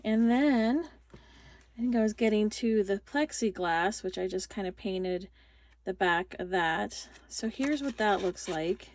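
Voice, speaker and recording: A woman's voice: medium pitch, expressive, measured pace, no echo. A woman hosting a casual craft tutorial, chatty and rambling, full of fillers and restarts, recorded on a phone.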